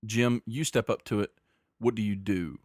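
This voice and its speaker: A man narrating as game master of a tabletop game, describing scenes in a measured way with frequent restarts. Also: fairly low pitch, steady tone, a little mellow, no room sound, clean studio sound.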